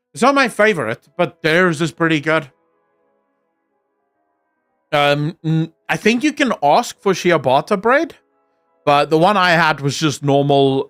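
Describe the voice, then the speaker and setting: A man's voice: fairly high pitch, a bit bright, clean tone, no room sound, studio quality. A young man chatting casually on his stream, rambling and swearing freely. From South Africa. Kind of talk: casual chat reacting on stream.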